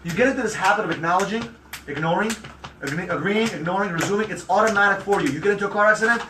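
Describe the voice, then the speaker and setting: A man's voice: high voice, very fast, noisy background. A man leading a sales training for a group, brash and emphatic, acting out what customers say. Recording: echoey room, mic far off.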